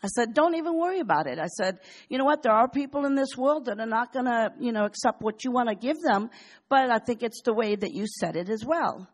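A woman's voice: on the high side, a little fast. Older woman sharing a chatty testimony. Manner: chatty, animated storytelling with laughs. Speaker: church member sharing a testimony. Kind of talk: personal testimony.

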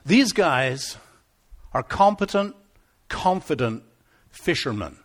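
Male pastor, middle-aged, slightly high voice, very animated delivery, tells stories and acts out the quotes. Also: takes it slowly. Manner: storytelling with acted-out quotes and humor. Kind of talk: sermon.

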